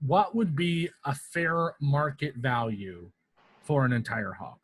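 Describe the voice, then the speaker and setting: Man, tabletop player, formal in-character speech, dry asides, mid pitch. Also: takes it slowly, breathy edge, dry recording, low-quality recording. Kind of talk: tabletop game play.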